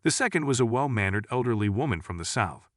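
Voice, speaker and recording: A man reading jokes aloud in a lively, storytelling way. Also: medium pitch, fast talker, no echo, studio quality. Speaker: joke narrator. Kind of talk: scripted joke reading.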